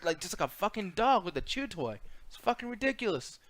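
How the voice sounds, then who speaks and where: A profane man rants through a casual wrestling chat as co-host. His voice sits fairly high for a man and is recorded dry and close. He slides into mocking impressions mid-rant. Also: big pitch swings, brisk, a bit bright, no room sound.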